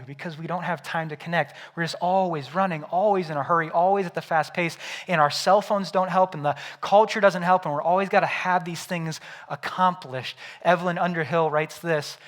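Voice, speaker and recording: Conversational young man preaching a sermon. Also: high voice. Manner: conversational preaching with frequent "right?" asides; builds loud through storytelling, drops quiet and soft for reflection. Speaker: pastor.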